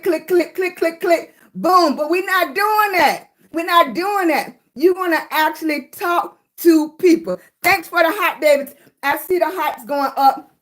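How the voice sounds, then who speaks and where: An older woman with a Southern drawl hosts a casual livestream, chatting with viewers and greeting each one by name. Her voice sits high for a woman. She calls people baby and talks in an easy, homey way. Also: a bit bright. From Virginia. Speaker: livestream host.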